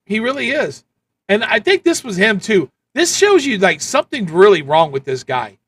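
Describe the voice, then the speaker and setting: A man running a live stream with a high, bright voice. He rants blunt political commentary, repeating his points. The delivery is casual and hard-hitting. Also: very animated, normal speed, slightly rough, no room sound. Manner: ranting, repetitive, blunt. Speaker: livestream host.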